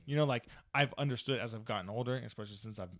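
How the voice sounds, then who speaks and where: Animated man telling stories, swearing freely. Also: medium pitch, rapid-fire. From moved to Texas. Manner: animated storyteller, acts out quotes, swears freely. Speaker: podcast co-host. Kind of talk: casual chat.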